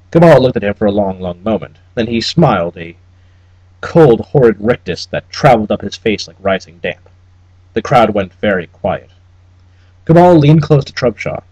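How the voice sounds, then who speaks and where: Man, audiobook narrator, wry, expressive, lively pitch, husky, dry recording. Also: moderate pace, dry recording, rough recording. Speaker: audiobook reader.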